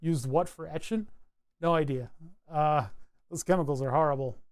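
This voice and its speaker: A man's voice: on the high side, normal speed. A man chatting casually on a live stream while designing a circuit board, rambling with wry asides and frequent self-corrections.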